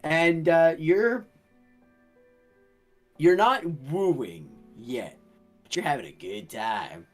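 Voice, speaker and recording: A man narrating as dungeon master, lively and stumbling over his words. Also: on the high side, extremely slow, long pauses, soft background music. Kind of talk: narrating a tabletop game.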